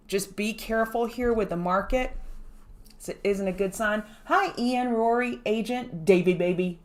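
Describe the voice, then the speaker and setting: A woman hosting a morning trading livestream, greeting viewers by name and explaining market moves in a casual, chatty way. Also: mid-range voice. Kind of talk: casual live-stream chat.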